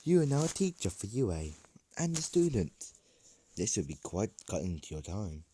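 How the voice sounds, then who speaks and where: A man's voice: lowish voice, sing-song, moderate pace, warm tone, a little hiss or hum. A man voicing a matter-of-fact teacher. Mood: explaining.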